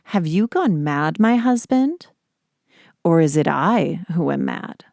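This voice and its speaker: A wronged young wife who has turned on her husband speaks with mounting, steely intensity, as a woman reads her lines. The voice is low and the sound is dry and close, with no room around it. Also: very animated, slow, gravelly, a little mellow, no room sound, heavily acted. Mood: mocking.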